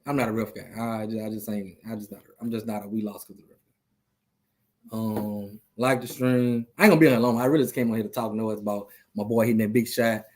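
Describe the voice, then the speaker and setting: A man's voice: on the low side, steady tone, quick pace, a little mellow, slight background noise. Loose trash-talking man on a stream. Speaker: podcast host. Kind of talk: casual sports talk on a live stream.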